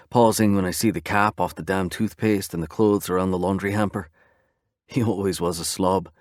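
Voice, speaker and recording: A man narrating a romance audiobook in the first person, in a steady, conversational storytelling manner. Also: lowish voice, dry recording, clean studio sound.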